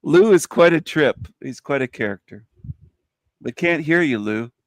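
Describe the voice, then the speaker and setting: A man's voice: fairly high pitch, lively intonation, normal speed, no room sound. A man on a regular online panel, chatting casually and teasing the others with frequent laughs.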